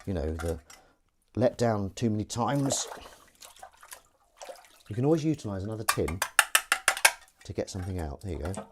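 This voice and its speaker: Here the man sounds very animated, his fairly low voice moving at normal speed and stopping often, with background noise behind him. He's live streaming from his kitchen sink, chatting as he does the dishes and rambling in a self-mocking way.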